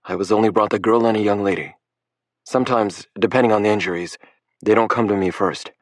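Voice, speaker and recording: A man doing a calm, apologetic doctor. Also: on the low side, brisk, no room sound, clean studio sound, voice pushed up, close to an everyday voice.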